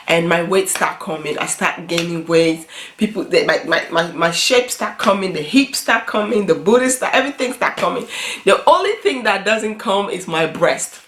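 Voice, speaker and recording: A young adult woman talking earnestly in a personal vlog, halting and restarting often. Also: medium pitch, fairly bright tone. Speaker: beauty vlogger. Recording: roomy echo.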